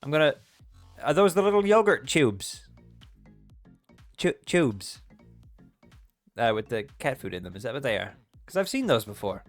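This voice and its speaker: A young man hosting a livestream from his home setup, chatting and joking with viewers in a loose, playful way. His voice sits at an ordinary middle pitch. Soft music plays faintly behind him. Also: very animated, moderate pace, pauses often. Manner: chatty and playful, reading chat aloud and joking. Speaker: livestream host. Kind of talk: casual chat with live viewers.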